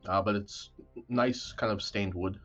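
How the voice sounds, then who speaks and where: A man narrating a tabletop game as game master, relaxed and hesitant with many fillers. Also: lowish voice, a little slow, faint music behind. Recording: dull lo-fi mic.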